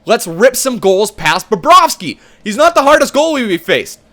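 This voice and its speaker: A man's voice: very high voice, big pitch swings, moderate pace, pushed and bright. A young man giving frustrated, swearing commentary while he plays a hockey game. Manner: exasperated, swearing, ranting. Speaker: gaming video host.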